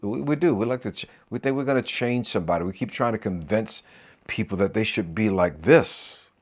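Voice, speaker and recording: A man's voice: fairly low pitch, brisk. A middle-aged man, a marriage coach, giving an encouraging talk to camera with preacher-like call-and-response asides.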